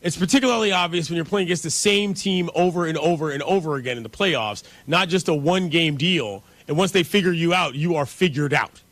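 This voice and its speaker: A man hosting a sports talk radio show, talking in a brisk, opinionated way between callers. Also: on the high side, fairly bright tone, dry recording.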